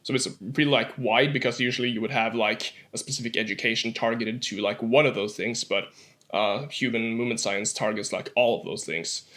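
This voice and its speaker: A young man in his twenties from Norway with a Norwegian accent, guest on a casual podcast, saying "like" a lot and often clearing his throat. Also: medium pitch, fairly even intonation, a little fast, a bit bright. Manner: says "like" often.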